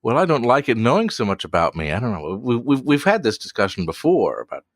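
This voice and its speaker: A man's voice: mid-range voice, wildly swooping pitch, no room sound. A man with an Australian accent, a tech journalist guesting on a podcast, who stumbles and repeats words while making dry jokes. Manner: halting, repeats words often, dry humor. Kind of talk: casual podcast chat.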